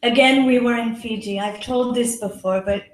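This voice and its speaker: A woman's voice: a little high, moderate pace. A woman telling a personal story at a kirtan gathering, acting out the quoted voices and laughing often. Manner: animated, acts out quoted dialogue, laughs often. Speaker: kirtan leader. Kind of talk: storytelling talk. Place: yoga center hall. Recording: echoey room.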